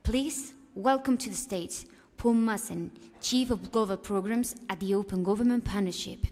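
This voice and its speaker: A woman hosting from the stage gives formal, polished announcements with a mid-range pitch. Her voice carries a long reverb through a large conference hall. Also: normal speed, darkish tone, a little hiss or hum. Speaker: event host, emcee.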